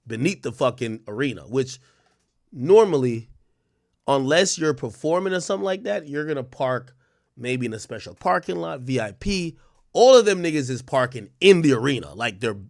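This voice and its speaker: A man's voice: medium pitch, a bit bright, no echo, clean studio sound. Profane Jamaican man telling stories. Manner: storytelling, profane, many restarts. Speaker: livestream host. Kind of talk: casual commentary.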